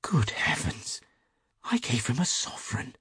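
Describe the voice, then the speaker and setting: A man voicing an earnest, easily flustered young English gentleman in a storybook reading, his pitch leaping upward when upset. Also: big pitch swings, moderate pace, gravelly, breathy edge, no echo, clean studio sound, exaggerated voice.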